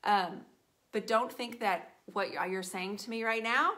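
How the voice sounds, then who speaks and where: A middle-aged woman chatting casually to her viewers while painting furniture, animated and playful, with teasing asides to viewers by name. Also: on the high side, normal speed.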